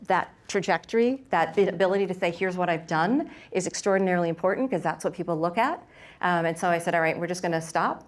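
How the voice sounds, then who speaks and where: A middle-aged woman who founded a bakery, speaking candidly on a workshop panel and telling lively stories with quick asides. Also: fairly low pitch.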